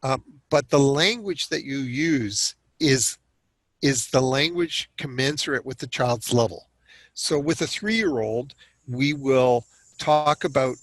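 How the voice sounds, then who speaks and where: An older man from Canada explains his ideas in earnest, conversational talk. He sometimes repeats a word while he works toward his point. His voice sits at a middle pitch, and the recording is dry and close. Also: slow, dry recording, poor audio. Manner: earnest, repeats and restarts words when emphatic. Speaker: self-regulation expert guest.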